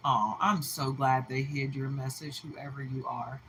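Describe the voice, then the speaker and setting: A woman's voice: rumbling low, fairly even intonation, measured pace, a bit bright, slight background noise, rough recording. A woman reading tarot on a livestream, chatting in an emphatic, talkative way and greeting viewers by name. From Texas. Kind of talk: casual livestream chat.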